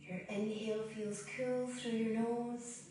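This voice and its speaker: Calm yoga teacher woman, echoey room. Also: on the high side, soft background music. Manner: slow, calm, soothing guidance with long pauses. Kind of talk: guided yoga and breathing instruction. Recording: roomy echo, voice from a distance.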